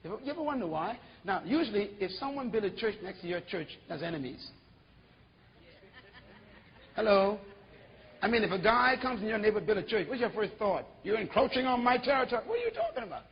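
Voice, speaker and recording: Husky, high-voiced preacher in a reverberant hall. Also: male voice, brisk, pauses often, muffled recording. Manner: animated preaching with rhetorical questions. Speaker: pastor. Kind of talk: sermon.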